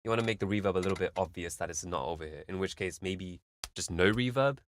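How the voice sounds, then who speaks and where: A man's voice: low voice, fast talker, slight background noise. A man hosting a live stream, giving casual, rambling music feedback full of fillers and vivid analogies.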